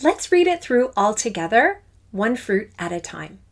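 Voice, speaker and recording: Playful woman music teacher talking to kids, bouncy sing-song voice, slow and clear. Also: a little high, very animated. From Canada. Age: middle-aged. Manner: enthusiastic, playful, speaks to children. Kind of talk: upbeat online music lesson.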